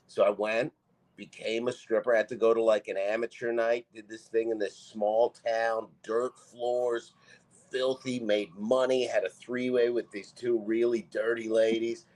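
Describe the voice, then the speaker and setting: A man's voice: medium pitch, little pitch movement, a little slow, darkish tone, low-quality recording. A man from Canada, a comedian appearing as a podcast guest, who tells rambling comic anecdotes in casual talk. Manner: rambling anecdotes with bursts of laughter.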